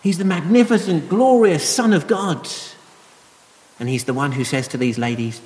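Gentle preacher in a reverberant hall. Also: male voice, a little high, animated, normal speed. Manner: gentle, conversational explaining with soft laughs. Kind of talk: sermon.

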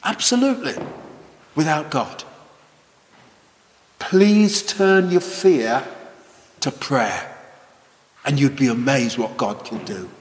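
A man preaching a children's sermon, animated and exclaiming, asking the children questions. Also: medium pitch, slow, long pauses. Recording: echoey hall.

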